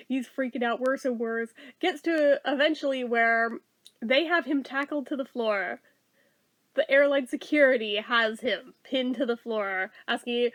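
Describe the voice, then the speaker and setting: A woman giving a casual movie review, excitable, swearing freely and laughing often. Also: sits high, normal speed, no echo.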